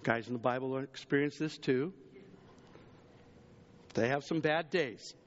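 A man preaching a sermon as pastor, chatty with the congregation, jumping to loud exclamations and dropping to hushed asides. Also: a little slow, big-room sound, muffled recording. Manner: conversational preaching, swings between raised exclamations and hushed low asides.

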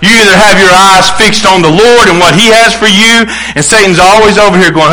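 A man preaching with a high, bright voice. He drives his points hard and slips into the voices of the people he quotes. His sermon rolls on at a quick pace. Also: low-quality recording. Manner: emphatic preaching, acts out quoted voices, restarts. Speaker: pastor.

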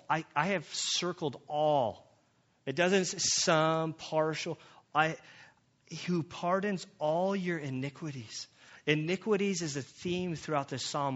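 A man's voice: on the high side, fairly bright tone. Pastor man preaching in a chatty tone. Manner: conversational, storytelling with quoted dialogue. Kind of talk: sermon. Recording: slightly dull lo-fi sound.

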